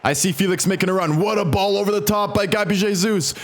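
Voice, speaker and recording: A young man giving casual play-by-play commentary on his own football video game match, excited by goals and quick to vent at mistakes. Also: sits high. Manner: excitable, swings between calm narration and frustrated outbursts. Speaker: gaming commentator.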